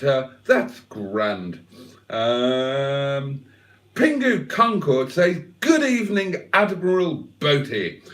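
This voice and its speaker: A man's voice: medium pitch, far from the mic. A man hosting a casual livestream, joking as he reads out viewer comments. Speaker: livestream host.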